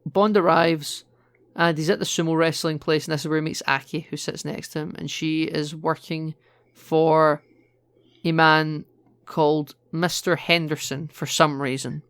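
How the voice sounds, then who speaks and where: A man's voice: on the high side, little pitch movement, moderate pace, a bit bright, clean tone, no room sound, studio quality. Chatty male podcast co-host. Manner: chatty, explaining, laughs easily. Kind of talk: casual film chat.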